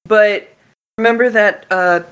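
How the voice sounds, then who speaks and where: A woman's voice: medium pitch, steady tone, unhurried, a bit bright, clear, resonant tone. A woman playing a tabletop role-playing game, narrating her character's actions in a giggly, offhand way. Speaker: player. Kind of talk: casual tabletop role-play.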